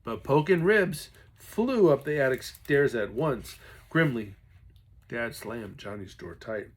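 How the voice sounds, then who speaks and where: Male storybook reader; unhurried, animated, breathy. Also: medium pitch. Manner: expressive, stops to chat with listeners. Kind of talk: reading a children's novel aloud.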